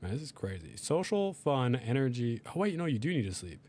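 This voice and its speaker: A young man giving casual, animated commentary while playing a life-sim game, talking to his characters and voicing their reactions. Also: medium pitch, brisk. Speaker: gaming video creator.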